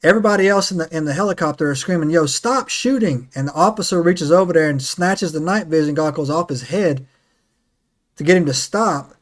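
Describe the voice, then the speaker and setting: A man hosting a casual podcast chat, an excitable storyteller who keeps checking in with "right?" and "man". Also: on the high side, a little fast. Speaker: podcast host.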